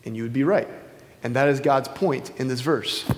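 Speaking at a normal speed with a medium pitch, this man preaches a relaxed, chatty sermon through a wireless mic, often stumbling into fillers and starting over. A long, hall-like reverb surrounds the recording.

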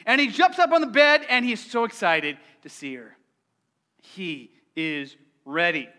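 Brief: middle-aged male preacher, very high bright voice, playful and engaging with the crowd. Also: unhurried. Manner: lively, playful, asks the congregation questions. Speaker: pastor. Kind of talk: sermon.

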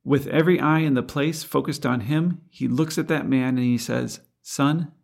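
A man's voice: mid-range voice, steady tone, moderate pace, gravelly. A man preaching a sermon in an earnest, reflective way, asking rhetorical questions.

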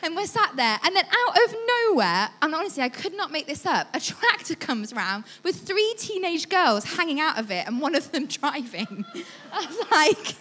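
Woman, young, lively storyteller, slightly high voice, church talk. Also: moderate pace. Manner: lively storytelling, acts out voices, laughs often. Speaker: church speaker. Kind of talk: storytelling sermon.

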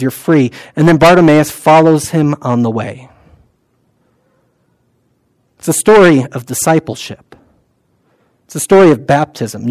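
Conversational male preacher, slightly high voice. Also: no echo, poor audio. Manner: conversational, with many fillers and quiet, softened prayer recitations. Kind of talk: sermon.

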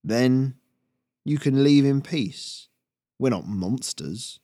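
A man voicing a ruthless male squirrel rebel leader, slow, snarling and commanding. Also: mid-range voice, animated, mellow, dry recording, studio quality, voice pushed up. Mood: persuasive.

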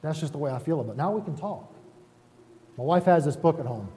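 A man who is a pastor, preaching a relaxed, conversational sermon in a folksy, self-deprecating way and often checking in with the congregation. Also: a little high, fast. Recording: reverberant hall sound.

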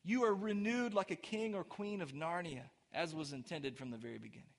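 A man's voice: a little high, a little fast, creaky. A man preaching a sermon as pastor, talking conversationally with the congregation and building to emphatic, rising peaks.

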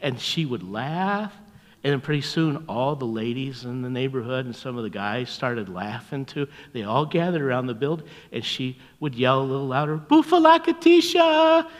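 An older man preaching as a pastor, telling stories in a folksy, chuckling way and dropping to a hushed voice at tender moments. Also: mid-range voice, moderate pace, big-room sound. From North America. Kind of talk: storytelling sermon.

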